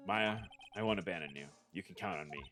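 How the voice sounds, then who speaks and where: A man's voice: sits low, fast, over music. A man livestreaming a courtroom game, reading the hero's lines aloud and adding self-mocking asides. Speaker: streamer.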